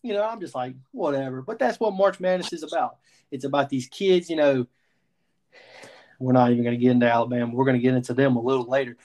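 A young adult man co-hosting a sports podcast, chatting casually and spinning an animated story, quoting his own reactions as he goes. His voice sits at an ordinary middle pitch, easygoing and expressive. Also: quick pace. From Southern United States. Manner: animated storyteller, quotes himself. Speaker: podcast co-host.

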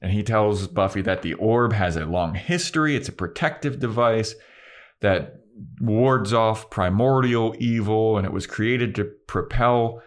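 A young man co-hosting a podcast, casually retelling TV scenes with lively, swearing play-by-play. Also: fairly low pitch, unhurried. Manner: animated retelling with quoted character voices, swears freely. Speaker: podcast co-host. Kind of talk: casual recap chat.

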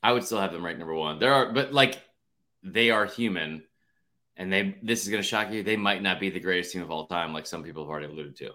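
A man co-hosting a college football podcast, talking in a rambling, animated way and swearing casually. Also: low voice, quick pace. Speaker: podcast co-host. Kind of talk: casual sports chat.

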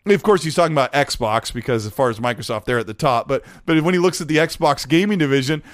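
A man in his forties co-hosting a casual gaming chat, animated and joking with rambling asides. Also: mid-range voice, quick pace, no room sound. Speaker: podcast co-host.

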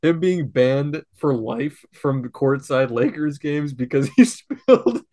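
A man's voice: a little high, lively intonation, unhurried, dark tone. A man co-hosting a casual comedy podcast, rambling and swearing, often breaking into helpless giggling fits. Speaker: podcast co-host.

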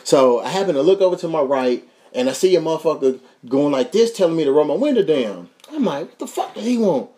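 A young man with a Kentucky accent tells a story on a podcast mic, his voice sitting a bit high. He is loose and profane and acts out the people in the story as he goes. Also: big pitch swings, quick pace, warm tone. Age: young adult. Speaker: podcast host. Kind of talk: casual storytelling.

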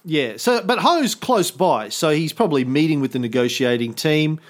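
A man's voice: on the high side, animated, normal speed. A man co-hosting a history podcast, talking casually with sarcastic jokes and many fillers. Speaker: podcast co-host.

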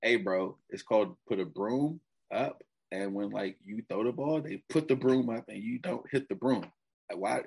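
Husky-voiced man ranting about sports. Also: lowish voice, moderate pace. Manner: animated, swearing, mock quotes. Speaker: podcast co-host. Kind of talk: casual sports chat.

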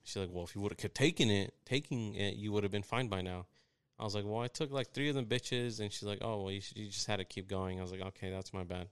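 A man's voice: on the low side, fast talker, clean tone, dry recording, clean studio sound. A young man from Texas, co-hosting a casual chat and retelling stories with lots of swearing and quoted voices.

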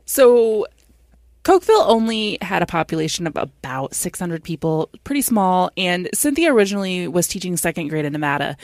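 A woman with a somewhat low voice chats and tells a story on a podcast. She giggles easily and swears in passing. The sound is close and dry. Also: lively intonation, fairly quick, darkish tone, no echo. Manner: giggly, chatty, swears casually. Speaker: podcast co-host telling the story. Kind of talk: casual podcast chat and storytelling.

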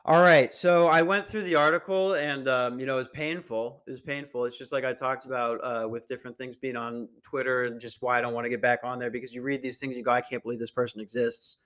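A man's voice: medium pitch, steady tone, fast, hardly any pauses, fairly bright tone, clear, resonant tone. A young man hosting a podcast, ranting casually in a crude, meandering and sarcastic way. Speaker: podcast host. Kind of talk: casual rant.

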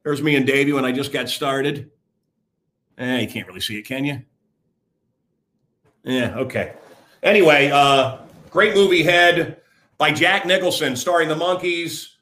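A man's voice: on the high side, a little slow, long pauses, sharp tone. An older man hosting his own show, talking blunt and rambling in a casual monologue to camera. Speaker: host.

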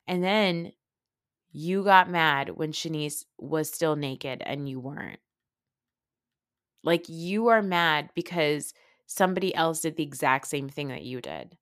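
A woman hosting a podcast, giving a casual, opinionated reality TV recap, swearing freely and mocking people with quick impressions. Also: deep voice, fairly bright tone, dry recording, studio quality. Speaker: podcast host.

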